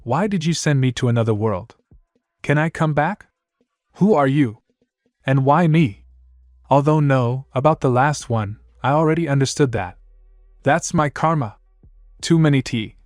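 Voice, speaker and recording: A man's voice: medium pitch, moderate pace, no echo, clean studio sound. A man narrating a first-person fan fiction story with a wry, complaining inner monologue.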